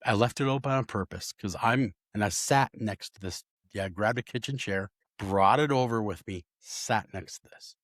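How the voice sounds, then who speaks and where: A man's voice: mid-range voice, dry recording, clean studio sound. A man, a paranormal investigator, telling a story in casual talk and acting out the voices of the people in it. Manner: animated, acts out voices in his story.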